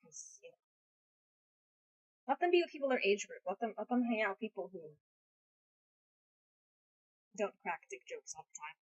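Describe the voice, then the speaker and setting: A woman's voice: mid-range voice, sing-song, normal speed, pauses often, husky, poor audio. A woman chatting casually on a live stream, rambling, crude and self-mocking, swearing freely. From United States.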